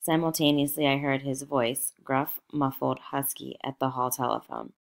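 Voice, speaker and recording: Woman reading a novel aloud, low voice, a bit of fry, measured. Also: fairly even intonation. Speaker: audiobook narrator.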